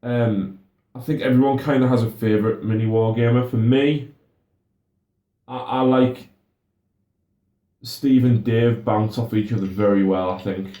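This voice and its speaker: A man's voice: medium pitch, fairly even intonation, measured pace, pauses often, warm tone, reverberant. A young man chatting casually as co-host, often stammering and restarting his sentences. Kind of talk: casual chat.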